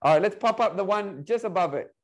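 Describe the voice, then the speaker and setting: A man teaching an Arabic class online, playful and coaxing, repeating words slowly for his students. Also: high-pitched, expressive.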